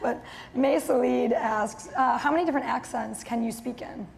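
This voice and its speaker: A woman's voice: fairly high pitch, normal speed, gravelly. A woman moderating a live audience Q&A, reading out questions with giggles and hesitant fillers. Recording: long reverb of a hall, faint noise.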